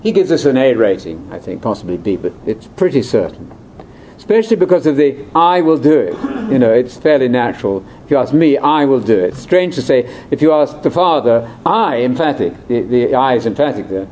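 A man leading a conversational Bible discussion, explaining in an animated way that jumps between high and low pitch. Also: brisk. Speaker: Bible teacher.

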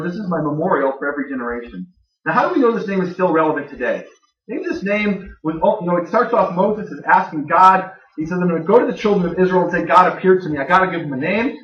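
A man giving a conversational Bible teaching to a live audience, plain-spoken with dry jokes. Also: on the high side. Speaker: Bible teacher speaking to a gathering. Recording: dull, echoey room recording from far off.

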